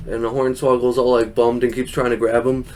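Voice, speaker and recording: A man's voice: mid-range voice, little pitch movement, fairly quick, darkish tone, a little hiss or hum. A young man hosting a podcast, recapping a show in casual, rambling chat, laughing often and quoting people in silly voices. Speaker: podcast host.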